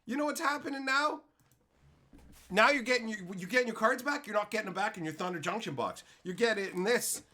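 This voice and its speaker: A man live-streaming a card pack opening, reading chat and going off on loud, profane, mock-angry rants. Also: high voice, quick pace.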